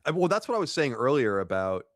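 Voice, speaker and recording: A man's voice: mid-range voice, sing-song, quick pace, no echo, studio quality. A man co-hosting a podcast in casual chat, thinking aloud with frequent restarts. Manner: musing, hedging, restarts a lot. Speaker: podcast co-host.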